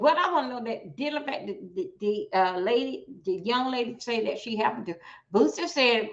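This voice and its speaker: Lady streamer, high sharp voice, cussing and going off at her chat, muffled lo-fi audio. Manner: blunt, profane, exclamatory, talks to viewers. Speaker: livestream host. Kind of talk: casual livestream commentary.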